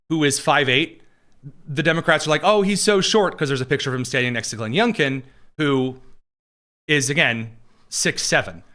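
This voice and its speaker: A man's voice: mid-range voice, sharp tone. A man hosting a political show, chatting casually and bluntly with viewers, digressive with frequent restarts. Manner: blunt and opinionated. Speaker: political commentary show host answering viewer questions. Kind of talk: casual livestream chat.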